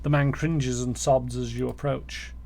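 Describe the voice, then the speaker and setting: Slow, gravelly male game streamer. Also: mid-range voice, little pitch movement, a little mellow. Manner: stumbling, self-mocking, sounding out words. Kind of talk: reading game text aloud while playing.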